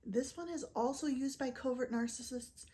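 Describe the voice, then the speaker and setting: A woman presenting a scripted educational talk to camera, explaining clearly and measuredly, now and then voicing example quotes. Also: sits high, moderate pace, mellow. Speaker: physician and narcissistic abuse educator.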